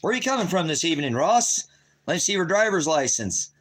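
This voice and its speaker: A man's voice: fairly high pitch, very animated, brisk, fairly bright tone, voice pushed up. A man putting on the voice of a stern male traffic cop, asking questions in a clipped, official way. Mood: mock stern.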